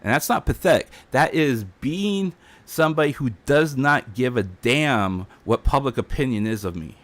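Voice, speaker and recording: A man's voice: mid-range voice, lively intonation, moderate pace, fairly bright tone. A man streaming a defiant, heated rant, repeating himself as he talks. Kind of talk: ranting livestream monologue.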